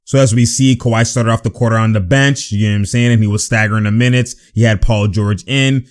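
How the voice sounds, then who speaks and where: Animated man breaking down game film. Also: on the low side, fairly quick. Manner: animated, laughs often, bursts of excitement; slangy, repeats catchphrases. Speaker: basketball breakdown host. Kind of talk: casual play-by-play film breakdown.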